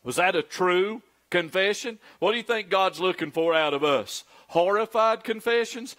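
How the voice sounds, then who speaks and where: A man's voice: high-pitched, animated, normal speed, few pauses, fairly bright tone. A middle-aged man preaching a sermon as pastor, acting out quoted pleas in a raised, pleading voice.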